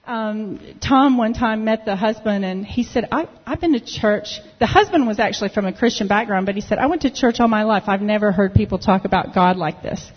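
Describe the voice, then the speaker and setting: A woman telling a lively story in church, acting out the people she quotes. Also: medium pitch, fairly quick, hardly any pauses, husky. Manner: lively, animated retelling with quoted dialogue. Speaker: church member sharing a testimony. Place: church sanctuary. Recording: dull audio with long hall reverb.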